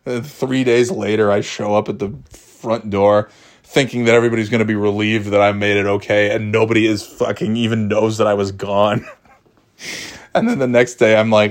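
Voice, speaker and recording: A man's voice: fairly low pitch, level tone, normal speed, soft background music. A man telling comic stories about himself in a rambling, profane, self-mocking way. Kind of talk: comedic storytelling monologue.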